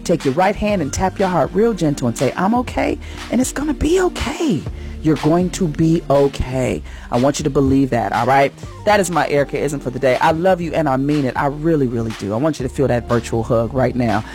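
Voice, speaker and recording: A woman radio host with an extremely low voice speaks fast, delivering an inspirational faith message over faint music. Warm, earnest, and preacherly, she builds in emphasis as she goes.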